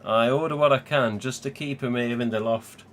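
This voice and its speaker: Swearing freely and laughing a lot, a livestream host from England keeps the chat casual. He has a mid-range, steady, slightly bright voice at a moderate pace, and a little hiss or hum sits in the audio.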